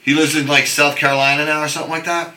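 A middle-aged man telling stories in casual chat, animated, swearing and restarting his sentences. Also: fairly high pitch, very fast, roomy sound, a little hiss or hum, low-quality recording. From New York. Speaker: guest.

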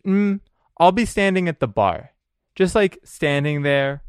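Hesitant man with a lively, smooth voice. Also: a little high, unhurried, no room sound, clean studio sound. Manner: hesitant, stammering, awkward. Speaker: player. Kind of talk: playing a tabletop game in character.

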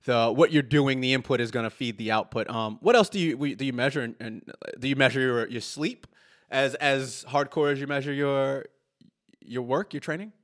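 A man's voice: mid-range voice, moderate pace, fairly bright tone. A man hosting a podcast in casual chat, telling stories animatedly and swearing freely. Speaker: podcast host.

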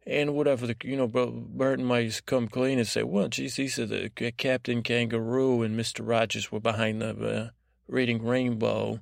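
Grumpy lazy butterfly guy, a man putting him on, gravelly, rambling and mumbling, dry close sound. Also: medium pitch, level tone, no echo, lightly acted. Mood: grumbling. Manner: rambling, halting, grumbling with many fillers. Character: grumpy cynical male butterfly, rambling and lethargic. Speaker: podcast host. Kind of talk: sleep podcast character monologue.

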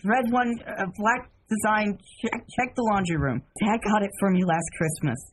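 A woman's voice: mid-range voice, normal speed, slightly rough, natural voice, low-quality recording. A woman voicing a timid, grieving young boy who stammers and hesitates. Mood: anxious.

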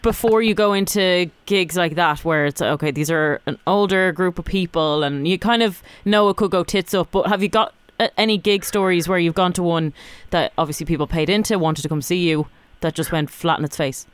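A man's voice: high voice, a little fast, fairly bright tone, smooth, no echo. A man co-hosting a casual chat, asking the guest curious questions. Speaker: podcast co-host.

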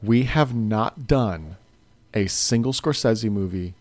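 A man's voice: lowish voice, takes it slowly, a little mellow, dry recording. A man co-hosting a podcast in a rowdy, joking way, swearing freely. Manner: swears a lot, jokey and rowdy. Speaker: podcast co-host. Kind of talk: loud, profane casual chat. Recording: faint background noise.

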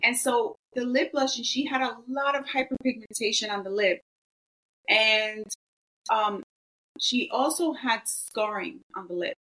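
Woman, bright voice, a bit high, earnest, lots of fillers, faint crowd chatter behind. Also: measured pace, low-quality recording. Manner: earnest, emotional, many "you know" fillers. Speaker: guest, esthetician. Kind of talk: interview answers, storytelling.

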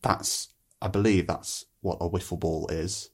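A woman fires off quickfire quiz questions on a podcast, brisk and stifling laughs as she goes. Her voice is unusually deep and husky, with a breathy edge. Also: steady tone. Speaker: quiz master.

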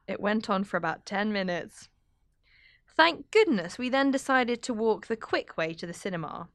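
Lively chatty woman podcast host. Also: medium pitch, normal speed, no echo, studio quality. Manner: lively, chatty, reads listener stories aloud. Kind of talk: casual chat.

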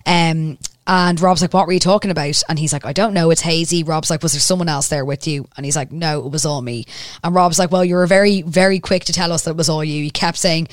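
A woman's voice: deep voice, fairly even intonation, a little fast, no room sound, clean studio sound. A woman hosting a podcast, recapping a TV episode in casual chat and acting out the characters' lines, swearing freely.

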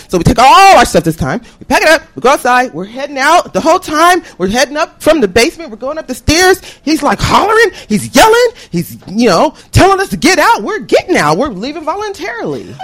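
High, animated woman telling a story. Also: quick pace, few pauses. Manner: animated, profane, acts out voices. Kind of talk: comic storytelling.

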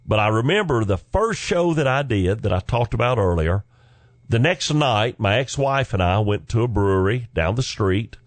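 A man's voice: lowish voice, animated, moderate pace, no echo. A middle-aged man, a comedian and former pastor, telling stories in a folksy, joking way with asides to the listener. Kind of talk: storytelling talk.

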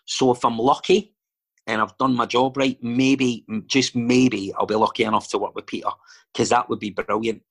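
A man's voice: medium pitch, steady tone, normal speed, a bit bright, husky. A Scottish man chatting casually as a guest, telling stories and wandering off into digressions with lots of fillers. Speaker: actor and filmmaker guest. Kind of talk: casual chat.

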